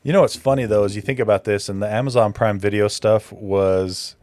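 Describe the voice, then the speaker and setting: A man co-hosting a tech podcast in casual chat, relaxed and steering the topic. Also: lowish voice, a little fast, no room sound. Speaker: podcast co-host.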